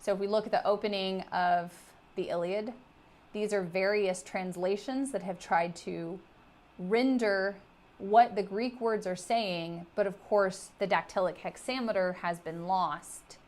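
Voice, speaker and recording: A middle-aged woman giving a recorded literature lecture, explaining terms with steady emphasis on key words. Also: medium pitch, measured pace.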